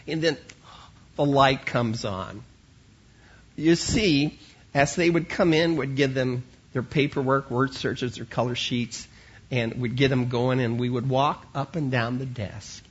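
A man's voice: medium pitch, steady tone, unhurried, breathy edge, dull audio. A man who teaches children at church, telling an earnest sermon-style story and often repeating words as he starts a line.

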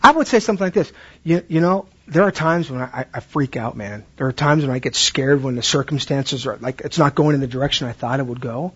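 A man's voice: mid-range voice, fast, breathy edge, highs cut off. A man training Bible teachers in a conversational way, asking questions and acting out classroom exchanges.

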